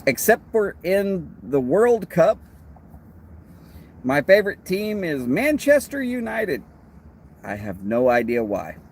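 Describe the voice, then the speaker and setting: A man's voice: sits high, very animated, slow, long pauses, darkish tone, slight background noise. A man with a Texan accent hosting a live stream, chatting in a rambling way and answering viewers' comments. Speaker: livestream host. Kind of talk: casual live-stream chat.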